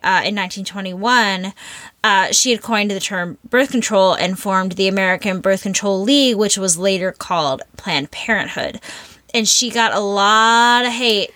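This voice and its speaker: A woman's voice: medium pitch, pushed and bright, no echo. A young woman from Minnesota co-hosting a podcast, chatting casually and emphatically with frequent laughter. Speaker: podcast co-host. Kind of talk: casual chat.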